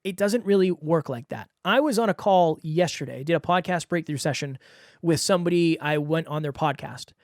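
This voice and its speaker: A man with a fairly high voice hosts a solo podcast and coaches the listener in an earnest, direct way. The sound is very dry and close. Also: moderate pace, dry recording.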